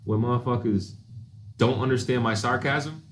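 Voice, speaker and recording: A man co-hosting a casual chat, telling a profane, animated story about a pet peeve. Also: mid-range voice, normal speed, crowd noise. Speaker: podcast co-host.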